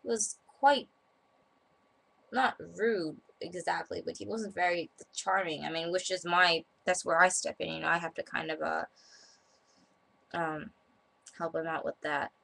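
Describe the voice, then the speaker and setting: A woman's voice: on the low side, fairly even intonation, unhurried, creaky, long pauses, fairly bright tone. A young woman from Japan telling a story to camera, rambling with many fillers and restarts. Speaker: vlogger.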